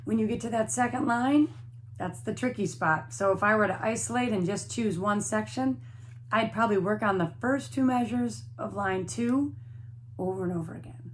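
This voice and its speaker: A woman teaches a flute lesson to young students in a patient, encouraging way. She explains each step clearly, with a mid-range voice. A faint hiss sits under the recording. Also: mid-range voice, normal speed.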